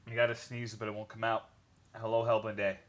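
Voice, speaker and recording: A man's voice: fairly low pitch, flat delivery, fairly quick, a bit bright. A young man streaming a game, chatting casually with his viewers in a rambling way, swearing often and greeting chat by name.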